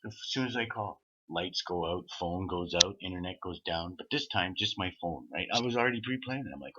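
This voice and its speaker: A man's voice: low voice, fairly quick, few pauses, bright, forceful tone, a little hiss or hum. A man talking in a rambling, profane monologue from Canada, acting out the voices of people he quotes. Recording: dull lo-fi sound.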